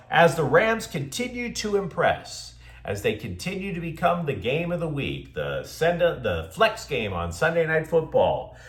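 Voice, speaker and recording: Sarcastic sports commentator, lively pitch. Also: male voice, roomy sound. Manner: sarcastic, mocking asides. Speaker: sports show host.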